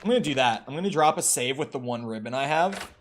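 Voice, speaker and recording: A man streaming a game, chatting casually, reacting aloud and answering his chat, with sudden loud outbursts. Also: medium pitch, animated, fast talker, a little hiss or hum. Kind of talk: casual let's-play commentary.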